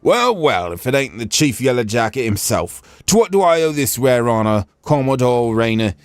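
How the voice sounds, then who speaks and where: A man voicing a brash, gruff middle-aged tavern keeper in a game, with a rough, slangy attempted Cockney accent. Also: medium pitch, very animated, normal speed, no echo. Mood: wry. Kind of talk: reading game dialogue aloud on a stream.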